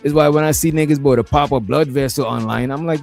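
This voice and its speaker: A man's voice: fairly high pitch, fast talker, vocal fry, a little mellow, soft background music. A man talking in a laid-back, profane, rambling way during casual banter on an online panel.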